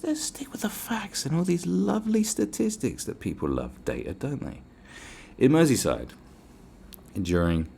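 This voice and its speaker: A man hosting a solo podcast rant in a low, gravelly voice. He swears freely and drips sarcasm. His pitch swings widely as he gets worked up. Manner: sarcastic, sweary, animated ranting. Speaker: podcast host.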